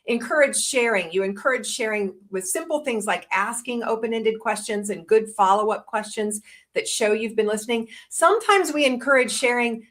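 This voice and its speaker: A woman's voice: on the high side, a bit bright. A woman in her fifties presenting a listening course, explaining tips in a casual webinar talk and acting out example lines.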